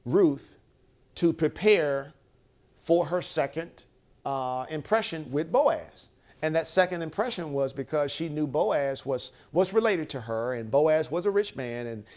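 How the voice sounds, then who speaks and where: A man's voice: fairly high pitch, darkish tone. A male motivational speaker giving a conversational Bible teaching, emphatic and repeating phrases with frequent "right?" checks.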